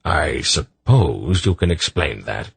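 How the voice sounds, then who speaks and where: A man voicing a stern old male sorcerer in an audiobook, firm and measured. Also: rumbling low, very animated, gravelly, slightly rough, no room sound, full character voice.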